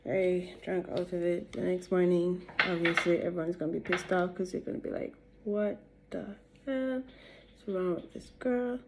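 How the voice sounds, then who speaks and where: A woman's voice: mid-range voice, a little mellow, slight background noise. A young woman with a Jamaican accent, telling a rambling, chatty story while doing her makeup for her vlog. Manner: rambling, chatty, laughs between sentences. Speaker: beauty vlogger.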